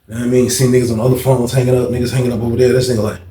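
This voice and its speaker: A young man casually telling a storytime monologue, animated, dropping to low mutters and jumping up to loud shouts when he quotes people. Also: rapid-fire. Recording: echoey room.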